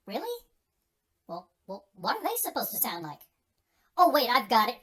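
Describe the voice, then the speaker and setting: A man's voice: extremely high pitch, wildly swooping pitch, normal speed, pushed and bright, slightly rough, exaggerated voice. A man voicing a stoned male party guest who slurs and tries silly accents. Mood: goofy.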